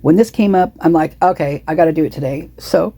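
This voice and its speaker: A woman rambles through casual true-crime commentary, indignant and repetitive, with a low, dark and husky voice. She has the hiccups, and the dry, close sound carries no room around her. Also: fairly quick, no echo. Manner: indignant, repetitive, many restarts and asides.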